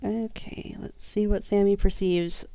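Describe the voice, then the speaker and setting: Slow, gravelly-voiced woman player. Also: mid-range voice, steady tone, mellow, no room sound. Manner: slow, tentative, asks before acting. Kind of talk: tabletop role-play narration.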